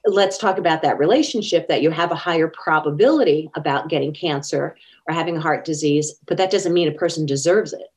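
This woman talks a little fast with few pauses, her low voice slightly mellow. Appearing as an interview guest, she earnestly tells personal stories and acts out quoted speech.

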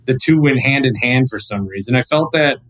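A man in his thirties, a radio host guesting on a podcast, chatting casually and telling animated, rambling stories full of restarts. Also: medium pitch, fairly quick, low-quality recording.

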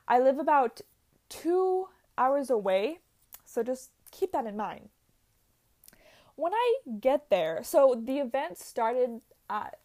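A woman's voice: fairly high pitch, a little mellow. Chatty young woman gushing. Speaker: vlogger. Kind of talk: casual chat.

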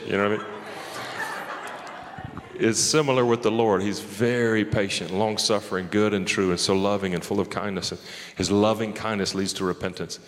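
Lower-voiced man preaching in a reverberant hall. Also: a little hiss or hum. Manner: conversational, animated, laughs often. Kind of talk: sermon.

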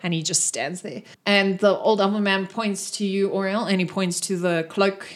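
A woman's voice: mid-range voice, steady tone, normal speed. A woman running a tabletop game as game master, describing scenes with many fillers.

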